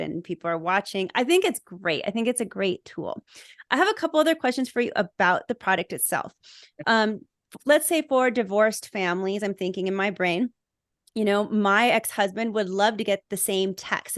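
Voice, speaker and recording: A woman hosts a parenting podcast and asks earnest, clear questions of her guests. Her voice is recorded close, with a dry sound and no room echo. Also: medium pitch. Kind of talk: podcast interview.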